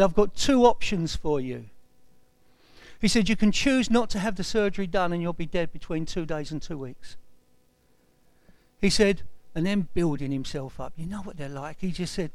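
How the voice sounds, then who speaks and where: Gravelly man in his sixties. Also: high-pitched, dry recording. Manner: retells events with lively quoted dialogue. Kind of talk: personal testimony storytelling.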